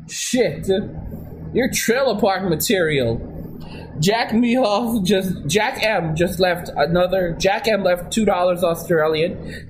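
A man's voice: high voice, noisy background. A man hosting a livestream, reacting to a clip with brash, mocking, crude commentary.

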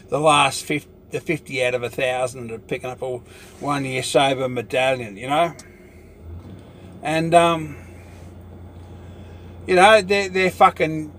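An older Australian man holds forth in a loose, meandering monologue, swearing constantly and scattering "you know" through every thought. His voice sits slightly high for a man, and faint noise runs under the recording. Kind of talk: rambling casual monologue.

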